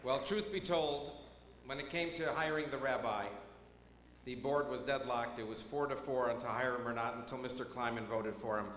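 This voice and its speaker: A man acting as master of ceremonies, introducing a speaker at a banquet in a measured, wry way. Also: medium pitch, fairly bright tone. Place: large banquet hall. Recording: echoey hall heard from off mic, faint hum.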